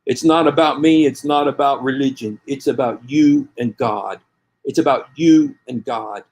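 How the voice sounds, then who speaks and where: A man's voice: medium pitch, normal speed, a little mellow. A man preaching passionately to his viewers, hammering the same phrases again and again and leading them in prayer. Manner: calls listeners to pray along with him. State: angry. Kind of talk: impassioned preaching to camera.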